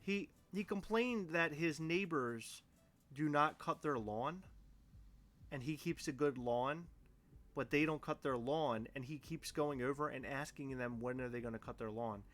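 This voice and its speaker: A man's voice: mid-range voice, unhurried, a bit bright. A man co-hosting a casual chat show, playful and teasing, with big exaggerated reactions. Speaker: podcast co-host.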